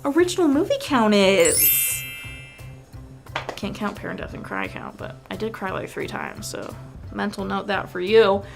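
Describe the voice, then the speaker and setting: Young woman vlogging about movies, gushy and animated, faint music behind. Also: medium pitch, creaky. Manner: gushing, animated, quick asides. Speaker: vlogger reviewing films. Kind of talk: casual chat to camera.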